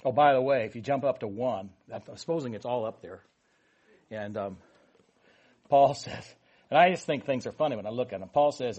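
A man's voice: medium pitch, normal speed, a little mellow, highs cut off. A man leading a Bible study with a prayer, then teaching in a casual, rambling way with many asides and fillers.

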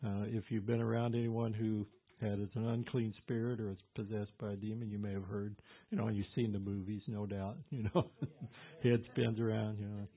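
Male pastor, husky voice, easygoing verse-by-verse Bible teacher; phone-thin tinny audio. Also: fairly low pitch, little pitch movement, normal speed. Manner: conversational, with fillers and asides.

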